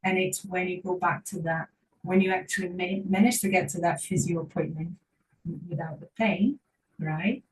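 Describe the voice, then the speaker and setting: Low-ish voiced woman physio doing a workshop talk, earnest and encouraging, mic kinda far away. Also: normal speed. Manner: earnest, encouraging, repeats phrases for emphasis.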